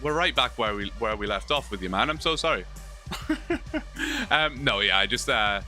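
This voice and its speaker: A man's voice: lowish voice, expressive, a little fast, sharp tone, soft background music. A British man from England, chatting casually and joking with viewers during a live gaming stream. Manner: chatty, joking, many restarts.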